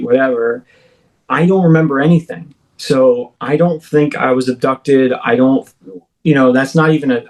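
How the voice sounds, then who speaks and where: A man appears as a podcast guest, telling a personal encounter story in a casual, rambling way packed with "like" and "you know." He self-corrects and restarts sentences midway, his mid-range voice a little mellow on a rough recording.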